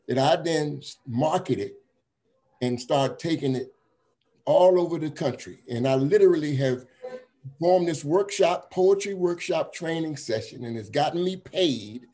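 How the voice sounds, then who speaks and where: A man who runs workshops, thanking someone earnestly and haltingly on a video call. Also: fairly high pitch, lively intonation, mellow. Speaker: workshop trainer. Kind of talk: heartfelt thanks.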